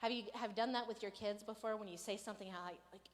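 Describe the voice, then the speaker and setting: A woman pastor giving a casual, conversational sermon, animated and playful, sometimes raising her voice to act out a rant. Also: medium pitch, quick pace, hardly any pauses, big-room sound. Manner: conversational, animated, acts out rants with raised voice. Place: church hall.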